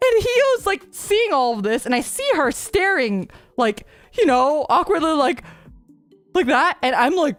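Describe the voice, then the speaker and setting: A woman streamer telling a story in casual chat, animated and rambling, full of "like" and restarts. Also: on the high side, normal speed, faint music behind.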